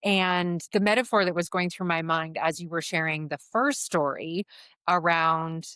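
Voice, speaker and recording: A woman's voice: fairly low pitch, fairly even intonation, a little slow, fairly bright tone, clean tone, no room sound, studio quality. A woman hosting a podcast who works as a counselor, speaking reflectively and often tagging her thoughts with "like" and "right?". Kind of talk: reflective conversation.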